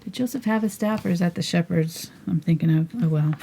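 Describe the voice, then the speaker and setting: A woman's voice: fairly low pitch, a little fast, vocal fry, dark tone, a little hiss or hum. A middle-aged woman teaching a live painting tutorial, chatting and thinking aloud as she works. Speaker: painting instructor.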